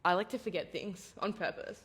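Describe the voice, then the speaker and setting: A woman's voice: on the low side, a little fast, a bit bright, slightly rough. A young Australian woman co-hosting a podcast in casual chat, rambling and giggly with many fillers. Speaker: podcast co-host.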